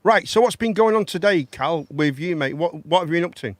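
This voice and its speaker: A man's voice: fairly high pitch, lively intonation, brisk, dry recording. Rambling man hosting a live chat. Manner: rambling, repeats words, banters with guests. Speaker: live stream chat show host. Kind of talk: casual live stream chat.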